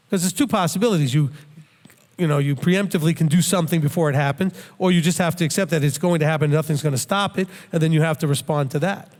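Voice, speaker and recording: A middle-aged man with a fairly high voice, teaching scripture in an earnest, conversational way. He is plain-spoken and often restarts or repeats a word as he works out his thought. His voice rings with a long reverb, as if recorded in a hall. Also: quick pace, a little mellow. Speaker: Bible teacher.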